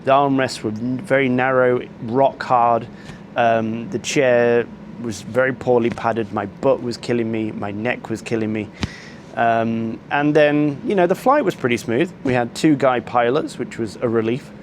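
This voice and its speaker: A man's voice: mid-range voice, measured pace, a little hiss or hum. A man, telling a rambling travel story to camera and complaining at length, with frequent ums and restarts. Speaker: travel vlogger.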